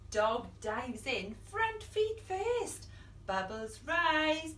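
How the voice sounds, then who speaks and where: A young woman reads a picture book aloud to children, playful and dramatic, with hushed whispers and gasps. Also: sits high, very animated, extremely slow, roomy sound, far from the mic. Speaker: children's storyteller.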